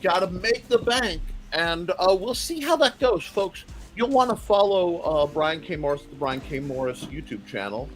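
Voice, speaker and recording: Lively upbeat male podcast co-host. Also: sits high, normal speed, few pauses, over music. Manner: upbeat, lively, addresses the chat. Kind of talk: casual livestream chat.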